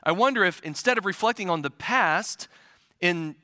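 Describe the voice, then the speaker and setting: A man's voice: high-pitched, animated, normal speed. Male pastor in his forties giving a chatty sermon; long church-hall reverb on the voice. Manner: conversational, warm humor with many restarts. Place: church sanctuary.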